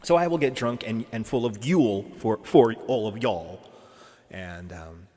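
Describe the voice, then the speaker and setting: A man's voice: lowish voice, unhurried, dark tone. A man in his forties chatting casually on a live stream while he drives in a truck simulator, laughing often and answering his chat. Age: 40s. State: drinking beer while streaming.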